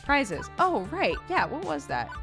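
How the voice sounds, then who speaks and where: A woman's voice: high voice, wildly swooping pitch, a little slow, over music. A woman streamer with a sore throat, chatting casually with her audience, giggly and swearing freely.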